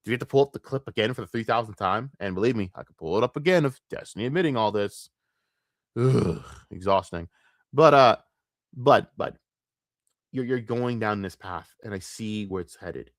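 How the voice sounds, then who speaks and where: A lowish male voice, heated and profane, venting at length on a commentary stream. The sound is close and dry, with no room behind it. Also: lively intonation, quick pace, hardly any pauses, no room sound. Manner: profane, heated, exasperated ranting.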